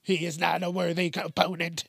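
A man's voice: a little high, completely flat delivery, normal speed, creaky, fairly bright tone, no room sound, clean studio sound. A man voicing a menacing sentient male chess robot that issues cold, threatening commands.

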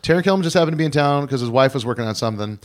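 A man's voice: medium pitch, animated. A man hosting a podcast, telling rambling anecdotes in casual chat with lots of fillers. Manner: rambling, quick storytelling with fillers. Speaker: podcast host.

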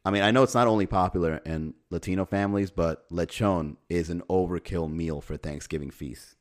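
Deep-voiced and talking fairly quickly, a man hosts a casual comedic podcast. His monologue is sarcastic and wry, peppered with casual swearing and his own laughter at the jokes.

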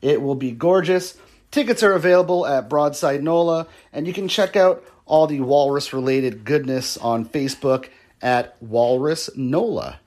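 A man's voice: mid-range voice, moderate pace, a little mellow. A man hosting an interview podcast, reacting with enthusiasm and reading his own plug. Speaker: podcast host. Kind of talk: casual conversational interview.

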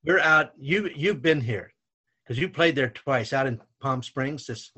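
An older man, a retired basketball coach, telling stories in a relaxed conversation. He gets animated and his voice rises as he relives heated moments on the court. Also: mid-range voice, measured pace, slightly rough. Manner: animated anecdotes, voice rising when retelling shouting. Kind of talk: storytelling in conversation.

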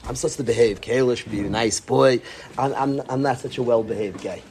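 A man in his late twenties telling a lively story to students, acting out the people in it and dropping into whispers for quoted lines. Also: mid-range voice, brisk, background noise. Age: 20s. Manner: animated, acts out whispers and quotes. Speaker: yeshiva educator.

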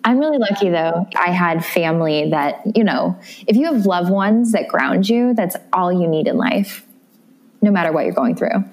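A woman's voice: lowish voice, expressive, moderate pace. A young woman from the Midwest, a guest in a casual interview, speaking candidly and emotionally with many restarts. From American Midwest.

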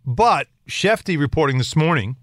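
A man's voice: a little high, normal speed, no room sound, studio quality. A man hosting a sports radio show, bantering and teasing a guest. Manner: teasing, animated, mimics people.

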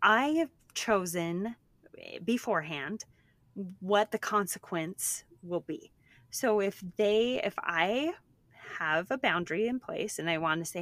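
A woman in her thirties co-hosting a podcast, chatting in a lively way, quick with restarts, a mother talking about her kids. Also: lowish voice, no room sound. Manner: animated, talks fast with restarts. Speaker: podcast co-host. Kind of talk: casual chat.

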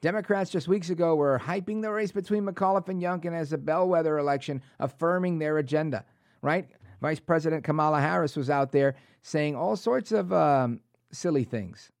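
A man hosting a political talk show, reading news aloud with sarcastic, animated asides. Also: fairly high pitch, normal speed, no room sound. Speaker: talk radio host.

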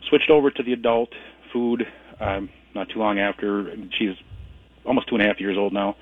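A man's voice: lowish voice, steady tone, normal speed. A man calling in to a radio show, friendly and a little sheepish. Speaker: caller. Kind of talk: phone call to radio show. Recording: tinny phone line.

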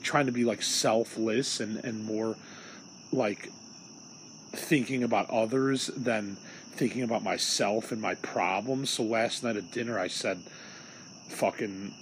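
A man's voice: lowish voice, a bit bright, a little hiss or hum, poor audio. A young man from Illinois hosting a solo podcast, venting in a rambling, profane, agitated way. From Illinois, USA. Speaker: podcast host.

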